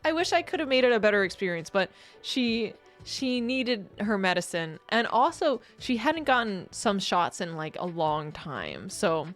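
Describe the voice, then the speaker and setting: A woman's voice: mid-range voice, sing-song, normal speed, soft background music. A woman streamer in casual chat, rambling and laughing often as she reads chat messages.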